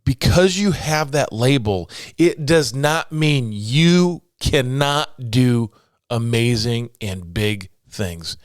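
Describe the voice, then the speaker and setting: Man in his forties, podcast host, casual and jokey, medium pitch, dry close sound. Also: takes it slowly, dry recording. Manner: animated, jokey, motivational. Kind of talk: casual solo podcast talk. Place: home office.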